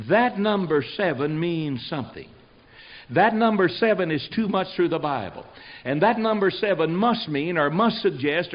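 Older male preacher, folksy storyteller, fairly high voice, emphatic and repetitive, dull lo-fi recording. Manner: folksy, emphatic, repeats phrases for effect. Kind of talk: storytelling guest on a talk show.

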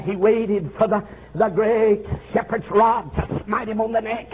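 Fervent preacher on a tinny old tape. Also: male voice, high voice, fairly even intonation, measured pace. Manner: fervent, swooping preaching with frequent "uh" and shouts. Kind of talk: revival sermon. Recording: tinny phone-like old recording with faint hiss.

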